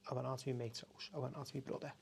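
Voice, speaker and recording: A middle-aged man talks openly as a podcast guest. His voice has a gravelly, fry-edged texture, and he speaks sits at an ordinary pitch for a man. He is raw and unguarded, swearing freely and stopping to restart his thoughts. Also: level tone, a little mellow, slight background noise. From Liverpool, England. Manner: raw and emotional, frequent swearing, halting restarts. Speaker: café owner, podcast guest. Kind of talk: candid conversational storytelling.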